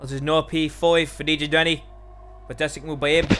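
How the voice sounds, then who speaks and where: A man commentating live on an online racing league, excitable, his voice climbing whenever an overtake happens. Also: fairly high pitch, brisk, noisy background.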